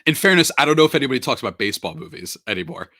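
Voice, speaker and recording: A man's voice: medium pitch, sing-song, rapid-fire, pushed and bright, dry recording, clean studio sound. A man hosting a podcast, chatting casually and joking, with lots of fillers. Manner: laid-back, joking, filler-heavy. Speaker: podcast host.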